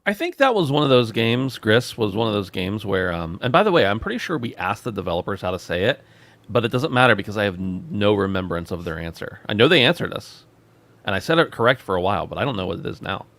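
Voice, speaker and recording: A man's voice: fairly low pitch, big pitch swings, quick pace, a bit bright. A man hosting a gaming podcast, chatting casually and joking around as he runs the show. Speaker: podcast host.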